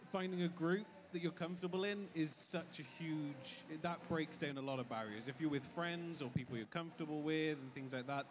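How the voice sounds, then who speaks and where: A man's voice: fairly high pitch, background noise. A man on a live convention panel, giving tips in a casual, earnest way. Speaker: panelist and player. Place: on stage at a comic convention panel.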